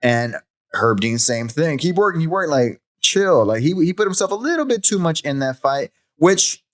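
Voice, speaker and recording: Male co-host, casual fight talk, lively and laughing, mid register. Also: medium pitch, normal speed. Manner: animated, laughs often, repeats words. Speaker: podcast co-host. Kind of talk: casual fight recap chat.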